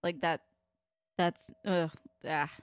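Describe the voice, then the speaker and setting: A woman with a fairly low, smooth voice chats loosely about a show, full of "like" and casual swearing. The sound is close and dry, with no room around it. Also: fairly even intonation, slow pace, no room sound. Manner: candid and sweary, lots of "like". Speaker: podcast co-host. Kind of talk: casual chat recapping a TV episode.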